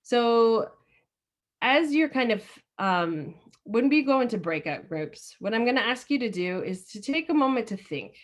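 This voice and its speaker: A woman's voice: a little high, animated, unhurried. A woman leading a discussion session over a video call, telling a story in a casual, chatty way full of filler words. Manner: chatty, many fillers and restarts. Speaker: discussion leader.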